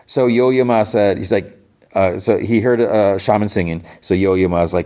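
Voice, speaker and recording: A man's voice: low-pitched, fairly even intonation, normal speed, warm tone. A man hosting a podcast, recapping an episode in a rambling casual way, full of fillers and restarts, briefly acting out quoted lines. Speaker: podcast host.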